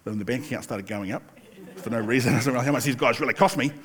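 An older man preaching a sermon in a relaxed, chatty storytelling way, with asides and the occasional laugh. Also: mid-range voice, very fast. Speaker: pastor.

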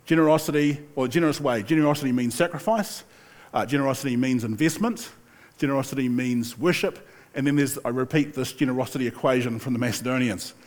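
An older man delivers a sermon as if telling stories among friends, easygoing and conversational. His voice sits in an ordinary middle pitch, and he breaks off now and then for a laugh or an aside. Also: fast talker, a little mellow. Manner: chatty storytelling with laughs and asides. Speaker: pastor.

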